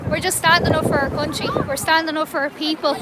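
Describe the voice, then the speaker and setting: An Irish woman speaks urgently to her livestream audience from a city street, pressing her point with repeated rhetorical questions. Her voice sits very high. Traffic and street noise run clearly underneath. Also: level tone, fast talker. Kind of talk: impassioned livestream address to viewers.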